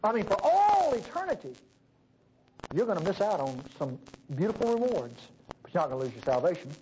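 A high-pitched man delivers a folksy, animated sermon. He swings from loud emphasis down to hushed asides. A faint hiss of noise sits under the voice. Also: fairly quick, low-quality recording. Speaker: preacher.

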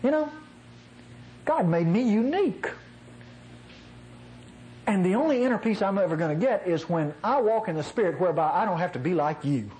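A nasal-voiced man from North Mississippi delivers a conversational sermon in a homey style. His pitch swings widely as he drives points home, and he laughs easily. A faint hum of background noise sits under the voice. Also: moderate pace, long pauses, poor audio. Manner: folksy, chuckling asides, animated emphasis. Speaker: preacher.

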